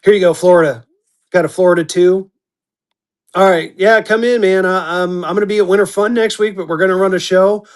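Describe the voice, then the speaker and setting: A man running a live-stream auction, chatty and upbeat, slipping into a quick auctioneer chant, his voice going hoarse. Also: high voice, fairly even intonation. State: losing his voice.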